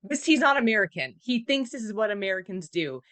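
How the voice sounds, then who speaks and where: A woman's voice: medium pitch, quick pace. Exasperated woman podcast co-host. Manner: expressive, exasperated, animated asides. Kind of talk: casual podcast chat, reading her own notes.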